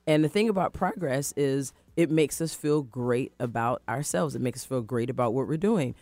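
A woman hosting a motivational radio talk show, talking in an animated, encouraging way and acting out her own past thoughts. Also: very deep voice, normal speed, dry recording. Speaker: radio show host, life coach. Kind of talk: casual motivational radio chat.

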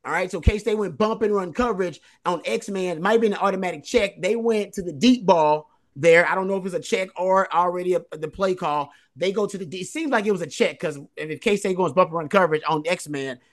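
Speaking fairly quickly with a high voice and hardly any pauses, a sports podcast co-host analyzes a football game. His talk is casual, and he drives points home by repeating phrases.

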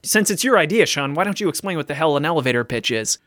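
Guy cohosting a podcast, high animated voice, cracks jokes, dry close mic. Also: quick pace, no room sound. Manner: joking, teasing. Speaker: podcast co-host. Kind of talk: casual chat.

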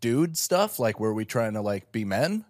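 A man's voice: medium pitch, sing-song, measured pace, darkish tone. Laid-back man rambling on a podcast. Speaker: podcast co-host. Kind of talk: casual comedy podcast chat.

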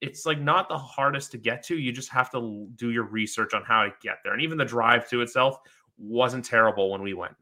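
A man hosting a casual sports podcast, talking excitedly and rambling with many fillers. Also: medium pitch, a little fast. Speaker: podcast host. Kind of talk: casual chat.

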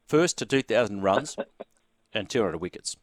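A man's voice: lowish voice, lively intonation, measured pace, dry recording, studio quality. A man with an Australian accent hosting a sports radio quiz and chatting easily with callers in a jovial way. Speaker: radio host.

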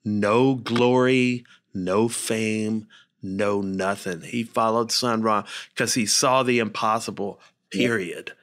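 A man's voice: on the low side, steady tone, slow pace, a bit bright. A man co-hosting a casual talk, telling a story and acting out the quotes with big jumps in his voice.

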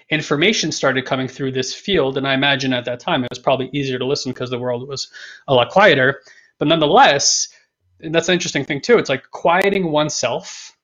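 A man's voice: a little high, a bit bright. A man co-hosting a podcast in casual talk, rambling, repeating himself and joking around. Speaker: podcast co-host. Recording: dull lo-fi sound.

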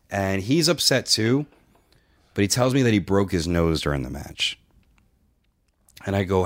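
With a deep voice and a moderate pace, a middle-aged podcast host and wrestling trainer launches into a lengthy, foul-mouthed anecdote. He chats casually and brings the story alive by performing the dialogue.

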